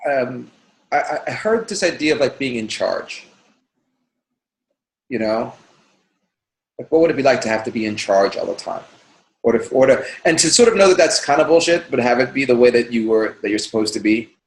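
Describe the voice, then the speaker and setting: A man's voice: mid-range voice, expressive, moderate pace, pauses often. A man in a casual heartfelt conversation, speaking thoughtfully with hesitant restarts. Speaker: conversation partner. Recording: roomy echo.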